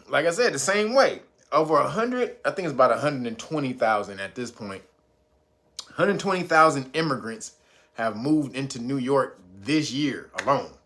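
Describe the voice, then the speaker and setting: A man hosting a live stream, talking in a casual, profane, animated way with laughing asides. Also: mid-range voice.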